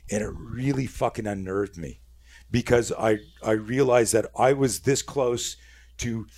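A middle-aged man with a somewhat low voice, telling a story in casual podcast chat. He is animated and profane and often restarts his sentences. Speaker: podcast guest, self-defense instructor.

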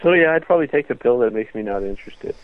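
A man's voice: mid-range voice, lively intonation, rapid-fire, dry recording, muffled recording. A man co-hosting a casual comedic podcast chat, joking around and acting out imagined scenes. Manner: joking, acts out quoted voices, laughs often. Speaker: podcast co-host.

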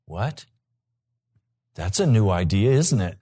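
A male pastor preaching a sermon, earnest, with slow, emphatic repetitions. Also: fairly high pitch, expressive.

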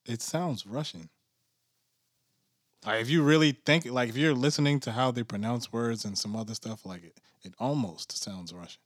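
A man's voice: medium pitch, moderate pace, no room sound, studio quality. A man co-hosting a casual podcast, offhand and easygoing. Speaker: podcast co-host. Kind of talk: casual chat.

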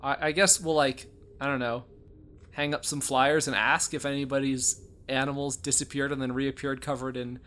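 A man's voice: mid-range voice, little pitch movement, normal speed, fairly bright tone. A man playing a tabletop game, rambling and joking with friends. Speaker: player. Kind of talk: casual tabletop role-play.

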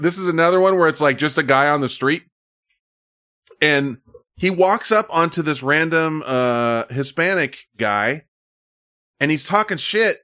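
A man chatting casually as a podcast host, his voice bright and lively, rising and falling freely. He laughs often and talks in a loose, profane way. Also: on the high side. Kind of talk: casual chat about viral videos.

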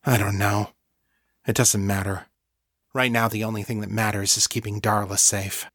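Dude doing a grave quiet pregnant teen girl, flat and blunt, dry sound. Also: lowish voice, normal speed, no echo.

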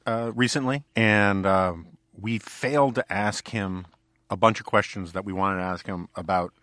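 A man's voice: lowish voice, fairly even intonation, normal speed, fairly bright tone, dry recording, studio quality. A man hosting a podcast, asking his questions in a casual, conversational way with plenty of fillers. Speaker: podcast host.

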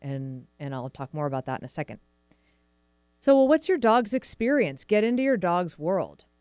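With a light Pacific Northwest American accent, a woman who trains dogs hosts a podcast, chatting casually and voicing what dogs and owners might say. Her fairly low voice is very animated, a little mellow, clear and resonant at a moderate pace. The studio sound is clean and dry.

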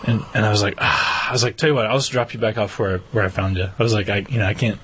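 A man's voice: on the low side, fairly even intonation, fast talker, fairly bright tone, a little hiss or hum. A man co-hosting a podcast, chatting casually and acting out the dialogue of a story he tells. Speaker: podcast co-host. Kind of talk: casual chat.

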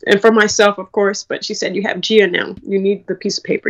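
A woman's voice: mid-range voice, steady tone, fairly quick, fairly bright tone, highs cut off. A young woman from New York, a college track athlete, talking candidly in an interview and quoting people as she tells her story. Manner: candid, storytelling with quoted dialogue.

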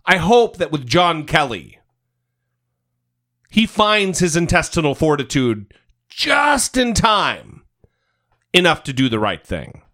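A man's voice: fairly high pitch, sing-song, takes it slowly, long pauses, sharp tone. A man hosting a political podcast, talking in a heated, emphatic way and cursing freely. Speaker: podcast host. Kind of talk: casual political chat.

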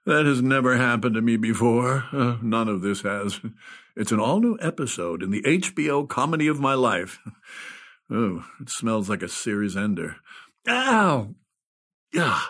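A man's voice: medium pitch, very animated, unhurried, fairly bright tone. A man telling a comic first-person story, giggly and stoned, keeps breaking into laughter.

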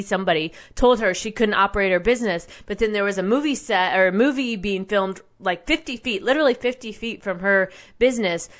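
A woman's voice: mid-range voice, fairly bright tone. A woman delivering an impassioned, rambling monologue as a show host, indignant and profane, often restarting her sentences.

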